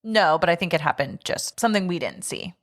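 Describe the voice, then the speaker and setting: A woman's voice: lowish voice, expressive, a little fast. A young woman co-hosting a podcast, chatting casually, laughing often and sharing fun facts. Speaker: podcast co-host.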